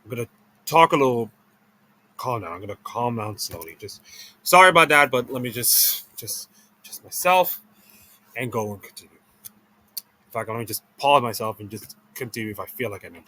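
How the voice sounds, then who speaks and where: A man giving casual commentary as he ranks players, rambling with many restarts and self-corrections, and talking slowly and sluggishly after a meal. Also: mid-range voice, lively intonation, bright, forceful tone. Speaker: esports video creator.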